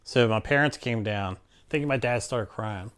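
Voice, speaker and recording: Low-voiced man telling his story. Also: moderate pace, fairly bright tone, smooth. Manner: candid, plainspoken, acts out quotes. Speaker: interviewee. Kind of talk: personal storytelling in an interview.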